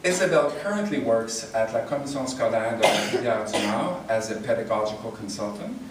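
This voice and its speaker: Man co-presenting an award, relaxed and encouraging, heard from far off in a reverberant hall. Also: on the low side, a little fast, a little hiss or hum. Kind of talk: reading a tribute speech. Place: large convention hall. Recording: echoey hall, distant mic.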